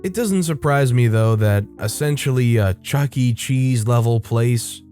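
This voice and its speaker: Mellow-voiced man reading stories. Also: mid-range voice, unhurried. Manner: casual, wry commentary. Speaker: storytime narrator. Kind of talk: reading Reddit stories with commentary. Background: faint guitar music.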